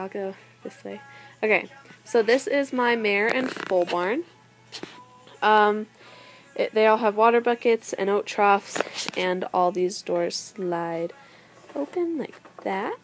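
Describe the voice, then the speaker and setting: A woman's voice: mid-range voice, poor audio. A teenage girl giving a chatty, giggly show-and-tell tour of her toy collection, now and then losing her train of thought. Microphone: handheld camera.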